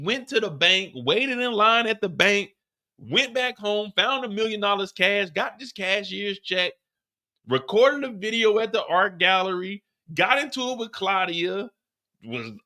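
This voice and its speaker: A man hosting a live after-show, recapping an episode in a profane, animated storytelling way. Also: high voice, no room sound, studio quality. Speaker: show host.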